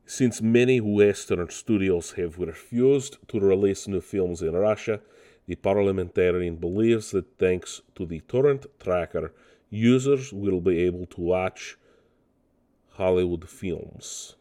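Man doing a hammy fake Russian accent, deep and low, reading an official statement. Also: slow, mellow. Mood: mock-official. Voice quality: exaggerated put-on Russian accent.

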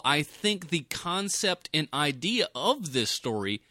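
Male podcast co-host, lively pitch, dry close-miked sound, exasperated casual film chat. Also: slow, no room sound. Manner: animated, exasperated, profane. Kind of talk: casual movie review chat.

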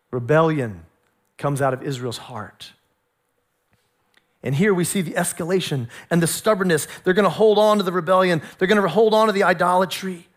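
A man, a pastor, preaching a sermon with lively storytelling, acting out voices as he goes. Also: high-pitched, moderate pace.

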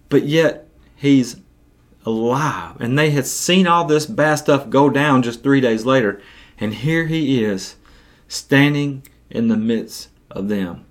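A man's voice: mid-range voice, measured pace. Earnest man telling a story. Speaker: podcast host teaching the Bible. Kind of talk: Bible-teaching podcast.

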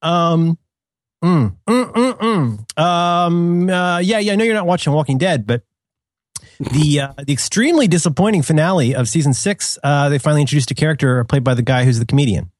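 A man's voice: a little high, fairly quick, no room sound. A middle-aged man chatting casually as a podcast co-host, rambling with many restarts and laughing at his own jokes. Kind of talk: casual chat.

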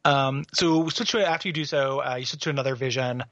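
A man's voice: mid-range voice, fast, a bit bright, no echo, lo-fi sound. A man co-hosting a podcast, recapping a game in casual chat and laughing often at his own jokes. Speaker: podcast co-host.

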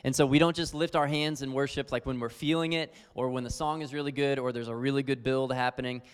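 A man's voice: medium pitch, steady tone, quick pace, smooth. A man teaching on worship in an earnest, conversational sermon style, full of fillers. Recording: long hall reverb.

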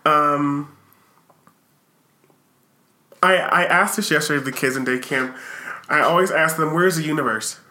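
A high, bright male voice that rings in a roomy, echoing space. He is a podcast guest sharing his story, earnest and thoughtful, stopping to pause and repeat words as he thinks. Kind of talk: reflective storytelling. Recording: roomy echo.

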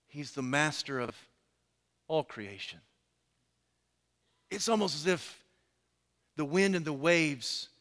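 A man preaching a sermon in a dramatic way, swinging from loud pleading to hushed lines. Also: a little high. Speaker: pastor. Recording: long hall reverb.

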